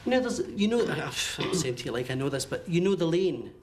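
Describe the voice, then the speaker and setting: Higher-voiced man giving a halting spirit reading. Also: very animated, darkish tone, slight background noise. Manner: halting, repeats words, checks in with "okay?". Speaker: psychic medium.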